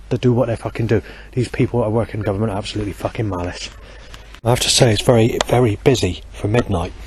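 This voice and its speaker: A man's voice: on the low side, background noise. Angry man ranting at night. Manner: furious, profane, rambling rant. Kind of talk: angry rambling monologue. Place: outdoors on a street at night. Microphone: handheld digital audio recorder.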